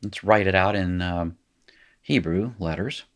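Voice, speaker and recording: A man's voice: sits low, measured pace. A middle-aged man teaching a recorded lesson, chatty and explanatory, thinking aloud as he works.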